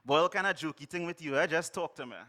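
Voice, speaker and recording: A man voicing a laid-back, friendly but blunt local man with a Trinidadian accent, quieter and lower. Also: fast talker. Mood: offhand. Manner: blunt, offhand and dismissive.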